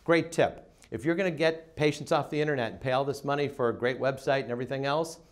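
A middle-aged man giving a seminar talk to dental office staff, emphatic and acting out phone calls in quick voice changes. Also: mid-range voice. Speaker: dental practice consultant.

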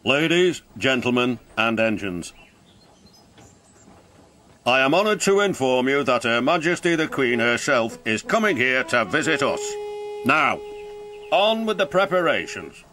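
A man's voice: mid-range voice, big pitch swings, a little slow, pauses often, bright, forceful tone. A man voicing a pompous, stout male railway boss with a formal, commanding way of speaking. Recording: music clearly behind.

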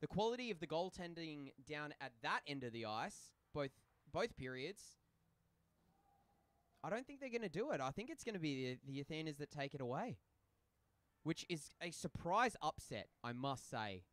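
A young Australian man calls a social ice hockey game, drifting between play calls and joking banter with his booth mates. His voice sits a little high and swings widely in pitch. The sound is close and dry, with no room echo. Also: big pitch swings, normal speed, a bit bright. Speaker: play-by-play commentator. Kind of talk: casual live sports commentary. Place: commentary booth at an ice rink.

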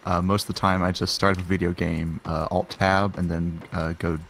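A man with a low, gravelly voice talks casually while streaming a game. His humor is dry and deadpan, and faint noise hums behind him. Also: moderate pace. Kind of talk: casual gaming chat.

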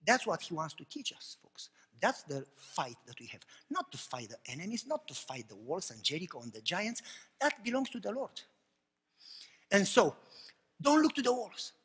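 Guy preaching hard, bright husky voice, big echoey hall, goes from shouting to almost whispering. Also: high voice, wildly swooping pitch, normal speed. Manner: impassioned preaching, swings from shouts to hushed tones. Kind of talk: sermon.

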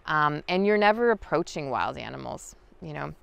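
A woman guiding an outdoor lesson in the forest, talking in a relaxed, chatty way with many fillers. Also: sits low, moderate pace, creaky, highs cut off, a little hiss or hum. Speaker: wild food guide. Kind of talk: outdoor teaching talk.

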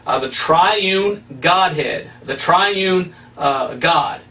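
A man's voice: on the high side, extremely slow, pushed and bright, far from the mic. A man preaching as an evangelist, teaching Scripture with emphatic, rising stresses. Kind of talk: preaching Bible study.

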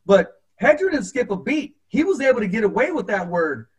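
A man hosting a boxing talk show, reading a listener's memory and telling a story from ringside with animated acted-out quotes. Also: high-pitched, brisk. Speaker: podcast host. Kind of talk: storytelling in casual interview.

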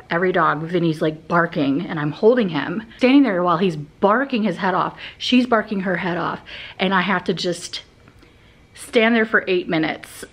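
A woman's voice: on the low side, fairly bright tone, breathy edge. A young woman vlogging casually, telling stories in a chatty way full of fillers. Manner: chatty storytelling, many fillers like "like". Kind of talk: casual vlog chat. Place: hotel room and outdoor path.

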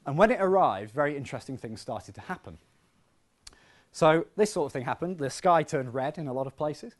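Speaking in a fairly high voice and a little fast, a male physics professor delivers a lively public science talk in a hall. He keeps it conversational and slips in self-deprecating asides.

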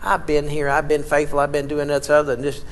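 A preacher voicing a resentful, jealous older brother who complains in an aggrieved way. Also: male voice, on the high side, monotone, fairly quick, a little hiss or hum, close to an everyday voice. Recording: long reverb in a large hall.

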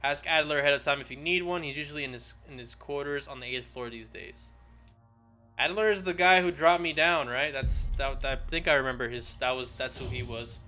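Jumpy, bright-voiced man gaming. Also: mid-range voice, fairly quick, faint music behind. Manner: jokey, jumpy, yelps when startled; reads in-game notes aloud. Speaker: let's play gamer. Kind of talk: horror game let's play commentary. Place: home room. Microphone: desk microphone.

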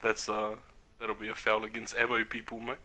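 A man's voice: on the low side, monotone, fairly quick. A young man on a gaming stream, joking darkly and swearing with his friends. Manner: joking, swears, dark humour. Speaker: gamer on a livestream. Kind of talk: casual gaming banter.

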